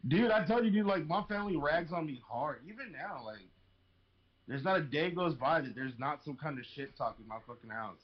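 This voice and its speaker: A man's voice: a little high, lively intonation, brisk, highs cut off. A young man from a Mexican family telling funny family stories on a podcast, swearing and laughing. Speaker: podcast co-host. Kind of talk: casual chat, storytelling.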